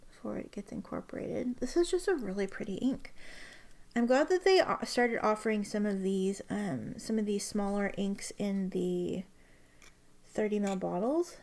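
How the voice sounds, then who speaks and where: A woman's voice: mid-range voice, creaky, a little mellow. A young woman chatting casually at her desk as an ink vlogger, rambling with lots of fillers and restarts, recorded on a camera mic. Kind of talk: casual chat.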